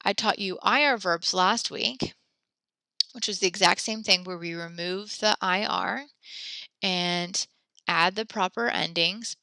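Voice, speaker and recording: A woman's voice: lowish voice, unhurried, bright, forceful tone, dry recording. A woman teaching a French class from home, upbeat and chatty as she spells out verb endings letter by letter for her students. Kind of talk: online class lesson.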